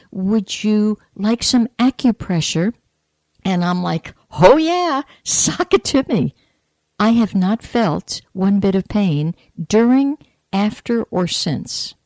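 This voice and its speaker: A middle-aged woman hosting a spiritual talk radio show, telling a personal story in a chatty, animated way with quoted asides. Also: on the high side, dry recording.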